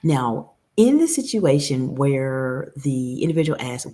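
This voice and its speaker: A woman's voice: sits low, big pitch swings, moderate pace, few pauses, warm tone. A woman coaching professional women on communication, speaking straight to her viewers in an earnest, advisory way. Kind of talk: direct-to-camera coaching talk.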